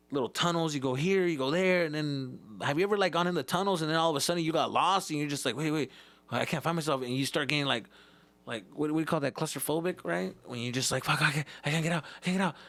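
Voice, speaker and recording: A man, a comedian hosting his own podcast, tells profane, animated stories from his childhood and acts out the scenes as he goes. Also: fairly high pitch, no echo. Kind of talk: profane comedic storytelling monologue.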